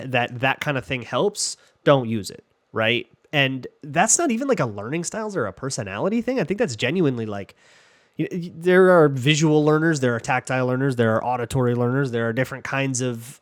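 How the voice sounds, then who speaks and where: A man's voice: mid-range voice, fairly bright tone. A man hosting a football talk show, answering listener questions in a loose, joking way with lots of fillers and restarts. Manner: chatty, jokey, many fillers and restarts. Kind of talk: casual chat.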